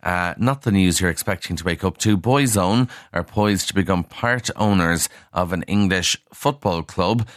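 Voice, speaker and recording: A man's voice: low-pitched, a bit bright, dry recording, studio quality. A man presenting a casual radio newspaper review, talking frankly with fillers and personal asides. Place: radio studio.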